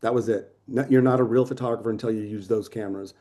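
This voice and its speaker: A man in his sixties telling stories of his career as a photographer in a casual interview, lively, swearing, acting out the people he quotes. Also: on the low side, quick pace. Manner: animated, swearing storyteller who acts out quotes. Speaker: photographer guest.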